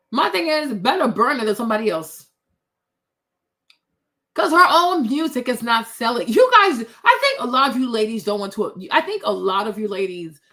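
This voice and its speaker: A woman's voice: medium pitch, fairly bright tone. A woman hosting opinionated commentary, blunt and sassy, talking straight to her viewers. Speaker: commentary host.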